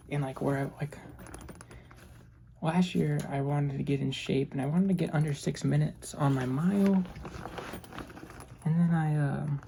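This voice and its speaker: A young woman rambling in a low monotone, soft-spoken ASMR style, often restarting her sentences. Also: vocal fry, a little hiss or hum. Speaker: ASMR creator.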